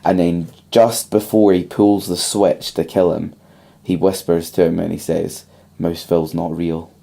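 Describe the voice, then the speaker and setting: A man's voice: sits low, fairly even intonation, a little slow, gravelly, dark tone. A young man co-hosting a casual podcast, retelling a film plot at length with lots of ums. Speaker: podcast co-host.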